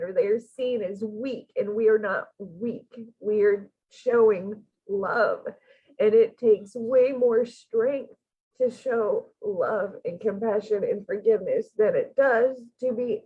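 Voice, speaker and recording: A woman speaking in a gentle, earnest way as she gives spiritual counseling in a channeling session. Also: mid-range voice, slightly rough, phone-quality sound. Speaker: channeling medium.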